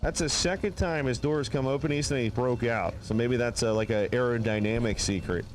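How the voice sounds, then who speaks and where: A man's voice: medium pitch, fairly quick. Joking man calling drag races. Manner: folksy, joking banter between calls. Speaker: race announcer. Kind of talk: live drag race commentary. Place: announcer tower at a drag strip. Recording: noisy live track audio. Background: race cars and track noise.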